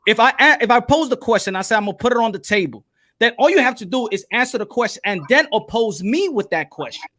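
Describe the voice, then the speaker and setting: A man's voice: very high voice, animated, quick pace, sharp tone, no room sound. A man on a debate panel who keeps cutting in with stammering restarts as he argues his point. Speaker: panel guest.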